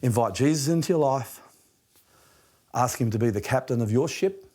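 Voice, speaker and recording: A middle-aged Australian man preaching a sermon, passionate and dropping from loud emphasis to hushed near-whispers. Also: mid-range voice, lively intonation, normal speed. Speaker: pastor.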